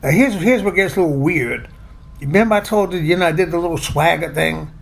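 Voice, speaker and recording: A man's voice: on the high side, a little fast, creaky. A man casually telling a personal story, chatty and plainspoken, poking fun at himself. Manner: chatty, plainspoken, self-deprecating.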